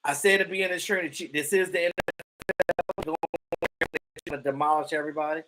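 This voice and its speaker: A man hosting a livestream, talking football in a casual, profane and animated way, often stammering and restarting his sentences. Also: on the high side, fast talker, noisy background. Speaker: livestream host. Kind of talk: casual sports talk.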